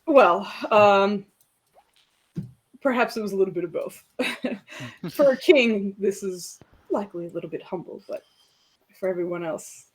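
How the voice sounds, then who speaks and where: A woman's voice: mid-range voice, measured pace, long pauses, a little hiss or hum. A woman narrating as game master for a tabletop game, rambling with many fillers and laughing easily.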